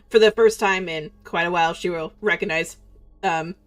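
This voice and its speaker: A woman's voice: fairly low pitch, fairly even intonation, measured pace, faint music behind. A woman playing a tabletop game, playful and often laughing. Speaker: player. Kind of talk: tabletop role-play chat.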